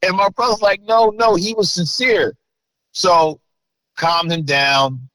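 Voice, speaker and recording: A middle-aged man from New Jersey, a guest in an interview, telling a story with animated bursts as he acts out voices. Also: on the high side, slow, no room sound, poor audio.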